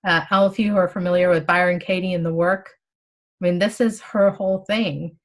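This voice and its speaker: Woman teacher, casual explanatory talk, acts out inner monologues, slightly low voice. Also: steady tone, fairly quick. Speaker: spiritual study teacher.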